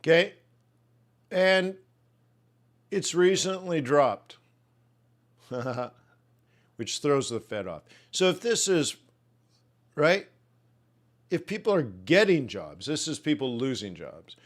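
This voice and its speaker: A man's voice: fairly high pitch, sing-song, takes it slowly, pauses often. A man hosting a live trading webinar, loosely musing on jobs data and answering viewers' questions in a joking way. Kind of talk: live market commentary to chat.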